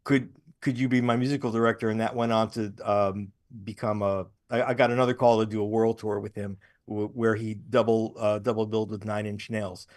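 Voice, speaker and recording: A man as a guest telling relaxed anecdotes over a video call, often restarting his sentences. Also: fairly low pitch, fairly quick. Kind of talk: casual interview storytelling.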